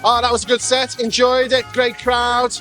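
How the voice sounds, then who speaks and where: Faint music plays behind a young Australian comedian from Perth whose very high, bright, forceful voice comes out completely flat at normal speed. He laughs at his own jokes through a crude, meandering stand-up set and backstage chat.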